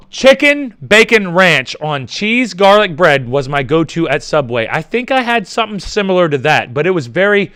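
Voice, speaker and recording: Casual, profane young male vlogger with a bright, lively voice, recorded dry and close. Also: sits high, smooth, dry recording. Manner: rambling, profane, animated. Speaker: vlogger reading viewer comments. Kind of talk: casual chat.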